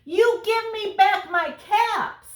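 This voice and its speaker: A woman voicing an angry male cap peddler who scolds in a raised, slow voice, recorded in an echoey room. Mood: angry scolding. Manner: scolding, shouting in a raised pitch.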